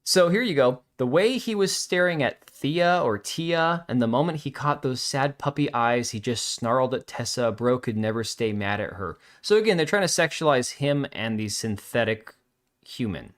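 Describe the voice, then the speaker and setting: A man with a medium-pitched voice hosts a livestream in a loose, casual way. He reads viewer comments aloud and answers them with blunt, sarcastic asides. His delivery is offhand and unscripted. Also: lively intonation, normal speed. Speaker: livestream host.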